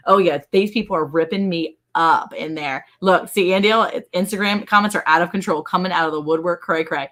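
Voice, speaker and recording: A woman hosting a casual livestream from a ranch home, chatty and excited and laughing often. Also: fairly low pitch, fairly quick, few pauses. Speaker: livestream host.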